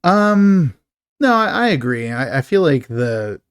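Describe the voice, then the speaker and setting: A man hosting a casual movie review podcast, chatty and quick to laugh, with many fillers. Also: on the high side, very animated, clear, resonant tone, no room sound, studio quality. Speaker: podcast host.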